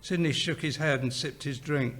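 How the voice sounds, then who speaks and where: Man reading fiction, steady and measured. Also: on the high side, slightly rough. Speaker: author reading his story.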